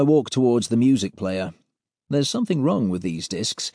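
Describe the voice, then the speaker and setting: A man reading a first-person story aloud in a wry, deadpan way, close to a studio mic. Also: lowish voice, moderate pace, no echo. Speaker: audiobook narrator. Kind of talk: scripted first-person narration.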